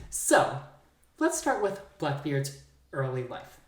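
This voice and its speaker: A man's voice: on the high side, wildly swooping pitch, takes it slowly, echoey room. A man co-hosting a podcast, chatting casually and slipping into theatrical storytelling with teasing humor. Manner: playful, teasing, theatrical narration. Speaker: podcast co-host. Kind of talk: casual chat with dramatic storytelling.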